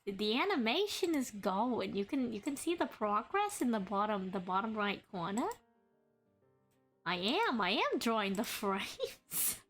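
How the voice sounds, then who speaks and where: A young adult woman streaming while she draws, chatting and rambling to her viewers in a deliberately adopted voice and cadence. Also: mid-range voice, sing-song, fairly bright tone, faint music behind. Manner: chatty, rambling, greets chat by name. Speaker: streamer and artist. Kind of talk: casual live-stream chat while drawing.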